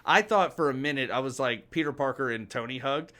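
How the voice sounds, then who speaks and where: A man co-hosting a podcast, chatting candidly about a movie in a relaxed way and swearing casually. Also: mid-range voice, brisk. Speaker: podcast co-host. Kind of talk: casual movie review chat.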